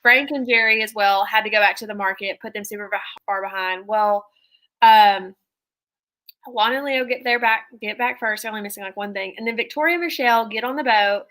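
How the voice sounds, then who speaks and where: A woman's voice: medium pitch, fairly quick, fairly bright tone. A young woman co-hosting a reality TV recap, chatting casually and gushing with lots of "like" fillers.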